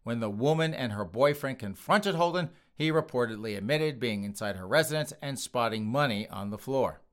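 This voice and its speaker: A man hosting a comedy podcast, reading news stories and riffing on them in an animated way with frequent laughs, addressing his listeners as "folks". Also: mid-range voice, moderate pace. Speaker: podcast host.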